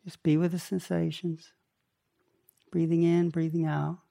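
Older male meditation teacher, unhurried delivery, gravelly voice, fairly high pitch. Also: flat delivery. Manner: slow, gentle, pausing between short phrases. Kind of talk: guided meditation talk.

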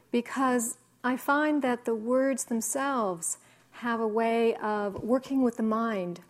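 A woman meditation teacher giving a slow, reflective dharma talk with soft pauses. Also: on the high side. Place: meditation hall.

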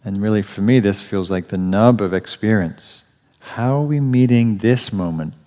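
A man giving a dharma talk as a meditation teacher in a meditation hall, speaking gently and reflectively, often restarting his phrases. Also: fairly low pitch, normal speed. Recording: dull audio with long hall reverb.

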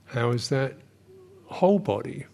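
A man giving a meditation retreat dharma talk as a Buddhist teacher, speaking in slow, halting phrases with many pauses and sometimes dropping to a soft whisper. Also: medium pitch, animated, vocal fry.

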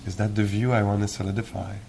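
A man giving a meditation teacher's dharma talk in a gentle, reflective, musing way, with many pauses. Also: lowish voice, level tone, vocal fry, slight background noise. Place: retreat hall.

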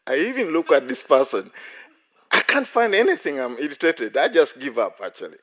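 A man's voice: mid-range voice, fairly bright tone. A man, a Buddhist monk, giving a dharma talk at a meditation retreat, chuckling often and telling self-deprecating stories. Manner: playful, chuckles often between phrases.

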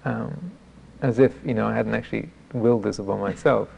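Brief: male monk teacher, mellow and gravelly, telling a wry story on himself, faint hiss behind. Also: lowish voice. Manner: self-deprecating storytelling; halting, with frequent restarts. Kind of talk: dharma talk.

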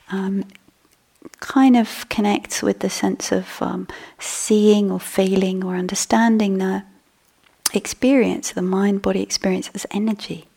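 A woman meditation teacher giving a dharma talk in a soft, breathy voice that often drops to a whisper. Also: medium pitch. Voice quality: husky, gravelly. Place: meditation hall.

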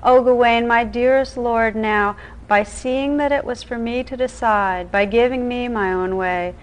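A woman voicing an enchanted noblewoman bride from an old tale, gentle and earnest in a storybook reading. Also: fairly high pitch, a little slow, clean tone, close to an everyday voice, poor audio. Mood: tender.

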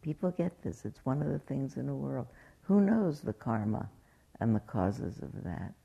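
A woman's voice: rumbling low, big pitch swings, moderate pace, gravelly, warm tone, slightly rough, dull audio, exaggerated voice. A woman voicing her frank friend facing grave illness, candid and searching as she speaks. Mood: resigned. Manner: candid, searching, self-questioning.

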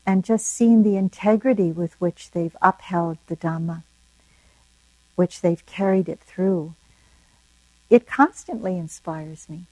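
An older woman and meditation teacher, telling a personal story in a dharma talk in a soft-spoken, reflective, unhurried way. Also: on the low side, no room sound, poor audio.

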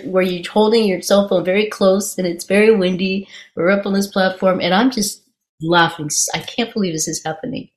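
A woman giving a dharma talk, telling a personal story in a lively way and then turning reflective. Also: mid-range voice, normal speed.

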